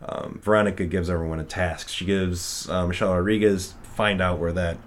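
A man's voice: low voice, steady tone, fairly quick, slight background noise. A man casually retelling a film's plot with many fillers, often acting out the characters' lines. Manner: rambling, full of fillers, acts out quotes. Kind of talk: casual film recap chat.

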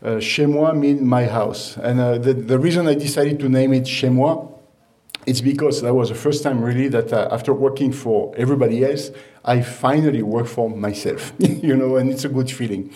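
A chef and restaurant owner giving an informal talk to an audience, halting with many fillers and restarts. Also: male voice, medium pitch, dark tone. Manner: storytelling, laughs at own anecdotes.

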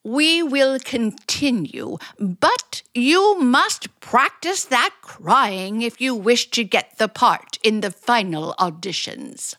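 An actress playing a theatrical drama teacher with a fussy, drawn-out, stagey delivery, in 1940s radio acting style. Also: female voice, fairly high pitch, expressive, bright, forceful tone, exaggerated voice. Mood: instructive. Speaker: acting coach.

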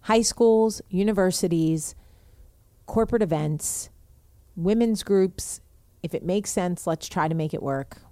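Woman host, brash and pushy, mid-pitched, dry close-miked sound. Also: a little slow, warm tone, dry recording. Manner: brash, bossy, self-promoting. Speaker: podcast host. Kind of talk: casual chat.

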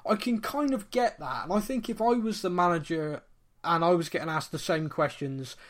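A Bristolian man in his thirties talks on a football podcast in a relaxed, joking way. His voice sits a little high for a man, and he often restarts sentences and repeats words as he goes. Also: moderate pace. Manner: chatty, self-mocking, stumbles and repeats words. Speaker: podcast co-host. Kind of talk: casual chat.

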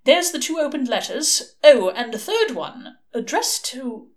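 A woman's voice: high voice, big pitch swings, unhurried, darkish tone, voice pushed up. Fussy chatty male clerk, middle-aged, eager and rambling, voiced by a woman reader. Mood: excited.

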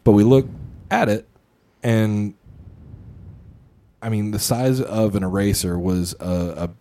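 A man's voice: lowish voice, steady tone, slow, mellow, a little hiss or hum. A young man co-hosting a podcast, telling a story in a rambling, casual way with lots of fillers and swearing. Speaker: podcast co-host.

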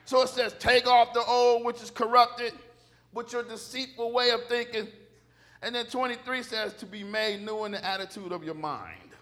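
A man's voice: very high-pitched, steady tone, moderate pace, fairly bright tone. A man preaching a sermon in a church, emphatic and joking, driving call-and-response with the congregation. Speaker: pastor.

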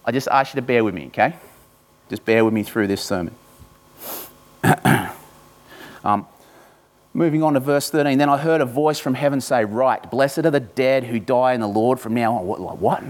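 Man preaching a sermon, slow deliberate scripture reading. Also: medium pitch. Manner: reads scripture slowly and deliberately, then talks informally to the congregation. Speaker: pastor.

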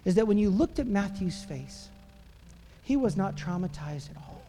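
A man, a pastor, preaching a sermon to a church audience and telling the story in an animated way, acting out the family's frantic calls. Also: sits high, moderate pace. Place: church auditorium. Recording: guitar playing under the voice.

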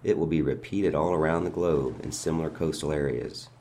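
A man with a very deep voice reads a dramatic monologue at a fairly quick pace, playing a father who calmly taunts a bound governor. His manner is quiet, mocking and menacing.

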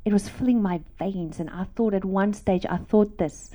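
Woman preacher sharing her testimony, mid-pitched, shifts between near-whisper and fervent emphasis. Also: moderate pace, hardly any pauses, a little hiss or hum. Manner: drops to hushed whispers, then rises to emphatic repetition. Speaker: Christian speaker giving a testimony. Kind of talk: emotional testimony sermon.

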